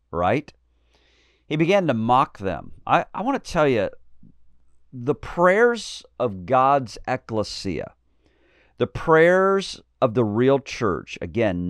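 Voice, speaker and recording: A man's voice: mid-range voice, dry recording. Guy preaching hard, bold and punchy, voice swings up and down, dry close sound. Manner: bold, emphatic, mocking asides. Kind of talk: fiery sermon.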